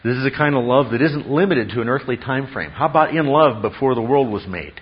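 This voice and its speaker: Husky-voiced male pastor preaching. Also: mid-range voice, expressive, fairly quick. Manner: teacherly, asks the congregation rhetorical questions. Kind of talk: expository sermon. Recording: dull lo-fi sound.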